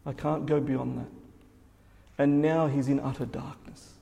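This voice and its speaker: A man giving a sermon, telling a parable slowly and emphatically before drawing its lesson. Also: mid-range voice, little pitch movement, gravelly, mellow. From Australia. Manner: storytelling, slow and emphatic, voicing characters in quotes. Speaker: religious teacher. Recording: long hall reverb.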